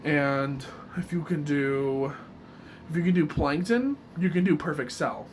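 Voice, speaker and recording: A man's voice: on the high side, lively intonation, unhurried, slight background noise. A man explaining voice impressions in a casual, rambling way, often restarting his sentences. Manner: rambling, self-correcting mid-sentence. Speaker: voice impression tutor. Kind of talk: casual video tutorial.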